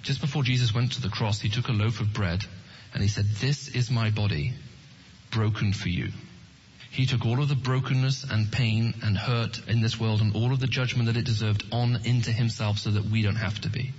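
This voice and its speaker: Man, husky voice, earnest evangelistic speaker, asks audience questions, muffled lo-fi sound. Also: mid-range voice, fairly even intonation, brisk, darkish tone. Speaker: Christian apologetics speaker.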